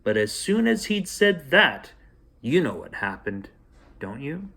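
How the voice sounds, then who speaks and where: Male host reading a children's bedtime story, playful and gentle, animated intonation. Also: mid-range voice, measured pace, gravelly. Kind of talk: bedtime story read aloud.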